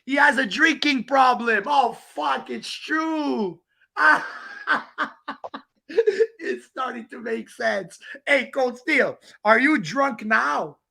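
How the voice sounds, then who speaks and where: A man's voice: extremely high pitch, lively intonation, very slow, vocal fry, pushed and bright. A man hosting a livestream outdoors, ranting and mocking a rival with profane jokes and laughter. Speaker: livestream host. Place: outdoors on a walk in the rain.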